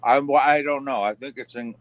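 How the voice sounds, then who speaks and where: A man on a video call from his basement, cracking dry, deadpan jokes. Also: mid-range voice, normal speed, a little hiss or hum, poor audio. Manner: deadpan, wisecracking. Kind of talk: casual chat. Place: basement at home.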